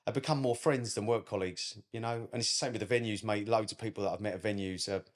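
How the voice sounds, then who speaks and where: A man's voice: on the low side, steady tone, fast. A man with a British English accent, a wedding photographer chatting casually on a podcast, cheeky and talkative, calling everyone "mate".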